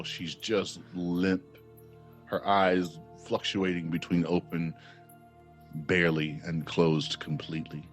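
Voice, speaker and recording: A man narrating a tabletop game as game master with dramatic, descriptive narration. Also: low-pitched.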